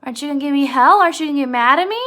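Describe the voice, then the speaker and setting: A woman's voice: expressive, very fast, pushed and bright. A woman doing a simple, pleading grown man. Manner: high pleading childlike whine.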